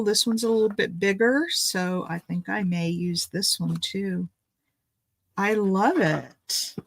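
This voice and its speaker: A woman's voice: mid-range voice, no room sound, poor audio. A woman making a craft video, chatting in a rambling, thinking-aloud way as she opens gifts at home. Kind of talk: casual chatty unboxing.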